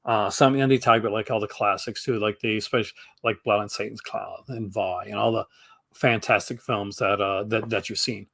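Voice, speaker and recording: A man's voice: on the low side, fairly even intonation, normal speed, gravelly, fairly bright tone, no room sound. A man from Canada with a Canadian accent, chatting as a guest on a live stream, enthusiastic and rambling with lots of fillers and restarts. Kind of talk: casual chat.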